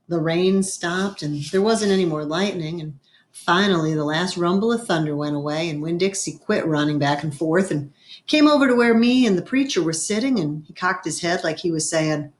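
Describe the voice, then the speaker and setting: Storyteller: woman reading a children's chapter book aloud, expressive, clears her throat now and then. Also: on the low side, moderate pace. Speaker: reader.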